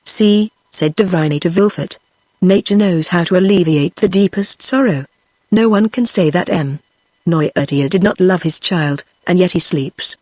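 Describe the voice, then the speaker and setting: A text-to-speech woman's voice with a British accent, reading a classic novel aloud in an even, measured way. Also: on the low side, dry recording. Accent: British English. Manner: even, measured reading of dialogue and narration alike. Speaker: narrator. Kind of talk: synthetic audiobook narration.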